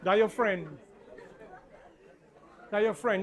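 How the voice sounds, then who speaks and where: A man, an officiating pundit preaching a funeral sermon, repeating key lines and swinging between soft and loud. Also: high voice, normal speed, a faint crowd.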